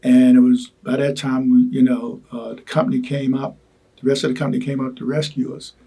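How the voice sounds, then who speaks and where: Gravelly older man, dark worn voice. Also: medium pitch, level tone. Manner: halting, repeats words, many "you know" asides. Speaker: Vietnam veteran interviewee. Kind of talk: oral history recollection.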